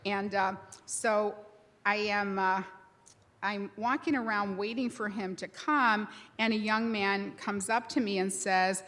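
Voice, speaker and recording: A woman speaking as a university president at a graduation ceremony, telling a story in a warm, conversational way at a podium microphone. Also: medium pitch, steady tone, measured pace. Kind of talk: commencement speech. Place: large ceremony hall.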